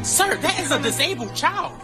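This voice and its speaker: A woman's voice: high-pitched, lively intonation, unhurried. A woman playing characters in a comedy skit, sassy and exasperated, scolding others over music.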